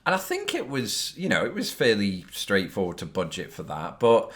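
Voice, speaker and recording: Answering viewer questions in a casual phone-recorded vlog, this British YouTube host speaks at a moderate pace with a fairly low, slightly bright voice and huge pitch swings. He's rambling and self-deprecating, full of fillers.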